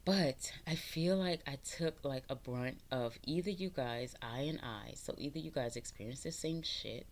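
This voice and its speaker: A woman from the Bronx gives a casual spiritual pep talk to her viewers. She swears freely, laughs often and preaches. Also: very deep voice. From New York, the Bronx. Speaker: spiritual vlogger.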